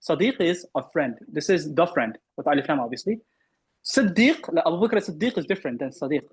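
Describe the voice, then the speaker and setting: A man with a somewhat raised, husky voice runs an online Arabic lesson. He quizzes his students and corrects their answers firmly, often repeating a word several times. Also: on the high side, expressive, quick pace, darkish tone, low-quality recording. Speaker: Arabic teacher. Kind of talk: online class teaching.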